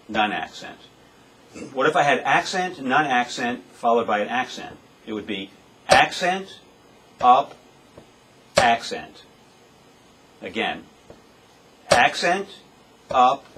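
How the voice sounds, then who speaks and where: A man's voice: lowish voice, a bit bright. A man giving a drum lesson, explaining step by step and calling out the strokes aloud as he plays. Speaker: drum teacher. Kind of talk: demonstration lesson. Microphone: webcam. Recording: webcam recording with noticeable background noise.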